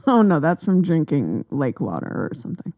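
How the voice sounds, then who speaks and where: A woman guest on a casual podcast chat, with a lowish voice that still swoops up and down a lot. She makes teasing, deadpan quips, and her voice is recorded close and dry. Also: normal speed, no room sound.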